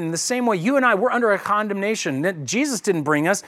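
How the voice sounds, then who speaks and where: A man's voice: high voice, lively intonation, quick pace, hardly any pauses, fairly bright tone. A man preaching a conversational sermon as pastor, casually acting out the voices of people in the story.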